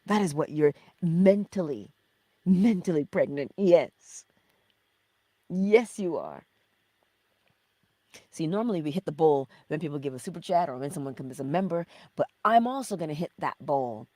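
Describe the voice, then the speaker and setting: A woman's voice: deep voice, mellow, dry recording. A middle-aged woman hosting a spiritual teaching livestream, reading viewer chat, affectionate, laughing often and slipping into whispers.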